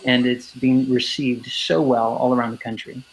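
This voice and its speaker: A man's voice: medium pitch, little pitch movement, moderate pace, rough recording. A man who speaks and teaches about bullying, answering interview questions emphatically and acting out the kids he quotes. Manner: emphatic, acts out kids' voices in quotes. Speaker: anti-bullying speaker and educator. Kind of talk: interview guest explaining.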